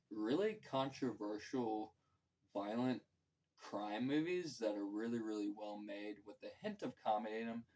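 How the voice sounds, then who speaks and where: A movie reviewer with a lowish voice delivers a casual, rambling film review, filler-heavy, loose and profane, acting out quotes as he goes. The recording quality is rough.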